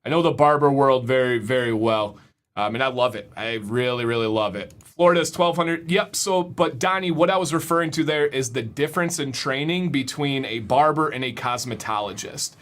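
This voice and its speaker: A man's voice: medium pitch, normal speed, a bit bright. A young man hosting a casual livestream, upbeat, often repeating words as he reads the chat. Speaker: livestream host.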